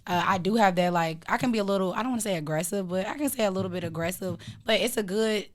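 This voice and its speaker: A woman's voice: mid-range voice, quick pace. A woman from Chicago, a real estate agent co-hosting a podcast, talking bluntly and emphatically in casual chat. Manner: blunt, emphatic straight talker.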